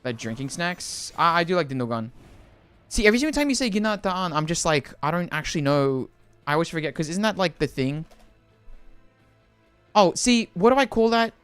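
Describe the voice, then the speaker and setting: A man's voice: fairly high pitch, big pitch swings, fairly quick, a bit bright, smooth, soft background music. A young man from the Philippines with an Australian accent tinged by Filipino speech, chatting casually on a livestream and rambling through chat questions. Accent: Australian with a Filipino lilt.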